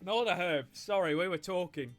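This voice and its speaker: A man's voice: high-pitched, moderate pace, soft background music. A man chatting casually and swearing freely while livestreaming a video game. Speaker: streamer. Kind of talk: casual gaming livestream chat.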